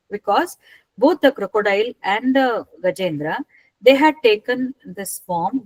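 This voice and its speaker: A woman retelling a scripture story as a talk, unhurried and asking her listeners rhetorical questions. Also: mid-range voice, darkish tone, no room sound, poor audio.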